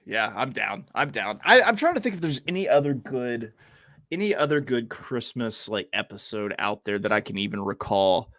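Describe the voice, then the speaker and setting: Animated, excitable man chatting. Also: medium pitch, moderate pace, dry recording, studio quality. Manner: excitable, stammering restarts, emphatic agreement. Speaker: podcast co-host. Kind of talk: casual chat.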